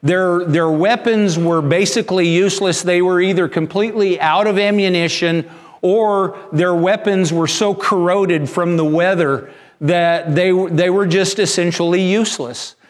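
Male pastor, sermon delivery, high voice, unhurried, repeats and restarts words.

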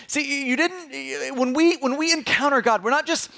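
A man's voice: extremely high pitch, moderate pace, gravelly, long reverb tail. A man preaching a sermon as pastor, emphatic, stressing words with swells and drops, often repeating and restarting words. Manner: emphatic preaching, dropping to hushed tones for stress.

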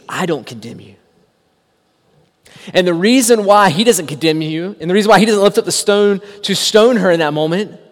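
A man preaching a sermon, emphatic, asking rhetorical questions and dropping to a hushed voice for quotes. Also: high voice, long reverb tail. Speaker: pastor.

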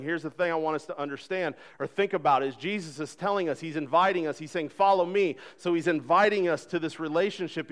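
A man in his thirties preaching a sermon, earnest and conversational, acting out voices in the stories he tells. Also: fairly high pitch. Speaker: pastor.

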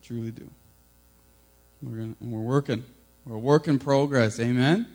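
A preacher delivers an informal, earnest sermon at normal speed in a medium-pitched voice, building to loud, emphatic peaks. The audio quality is poor, with a mains hum running behind him.

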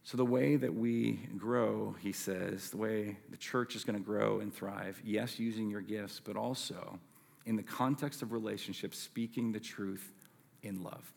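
Male pastor, low husky gravelly voice, chatty sermon delivery with asides. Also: steady tone, unhurried, darkish tone. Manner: conversational preaching, frequent asides and "right?" checks.

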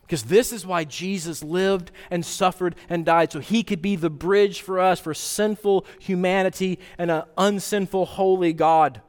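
A man with a fairly high voice preaches to his congregation, talking in a relaxed, conversational way and often checking in with a quick rhetorical question. His voice carries a long reverb, as if it fills a large church sanctuary. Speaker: pastor. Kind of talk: sermon.

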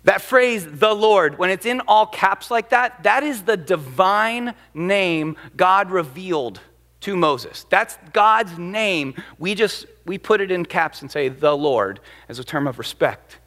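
A male pastor preaching a sermon, animated and emphatic as he retells the story. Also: sits high, measured pace. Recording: long hall reverb.

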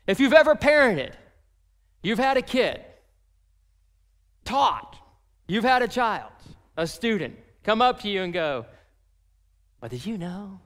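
A man preaching a sermon as pastor, animated and acting out the voices of people in his story. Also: high voice, big-room sound.

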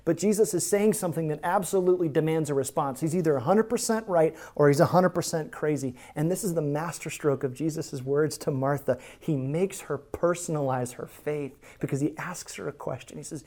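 A man's voice: a little high, brisk, hardly any pauses, darkish tone. A man preaching a sermon as pastor, emphatic and conversational, with casual asides.

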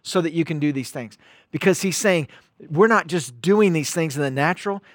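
A pastor preaching a sermon, stressing and repeating key words and calling out to viewers online. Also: male voice, on the high side, moderate pace, no echo, studio quality.

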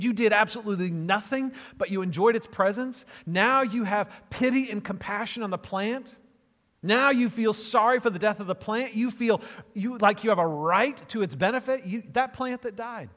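A man's voice: fairly high pitch, darkish tone, long reverb tail, close to an everyday voice. A man voicing God as a challenging questioner, pressing a prophet with pointed, incredulous questions.

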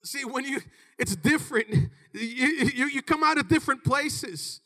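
A high-voiced man in his thirties preaching with real energy, his tone bright and forceful. He talks to the congregation in quick bursts and sometimes pushes into a shout. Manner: animated, shouts in bursts, calls out "Amen?" to the congregation. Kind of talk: sermon.

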